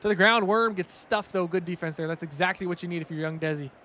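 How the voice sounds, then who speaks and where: A young man calling a football video game with a high, bright voice that jumps up loud on big plays. Between plays he chats with his viewers in a casual, excitable way. Faint noise sits behind him. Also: quick pace. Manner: excitable, rising loud on big plays, chatty asides to chat. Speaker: stream commentator. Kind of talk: casual play-by-play commentary.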